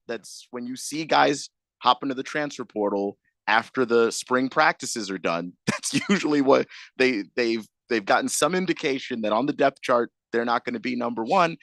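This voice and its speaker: A man hosting a sports radio show who talks in a casual, halting way, with many restarts before he picks up speed. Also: mid-range voice, animated, a bit bright, no echo, clean studio sound. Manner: hesitant, restarts often, then rushes. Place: radio studio. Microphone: studio mic.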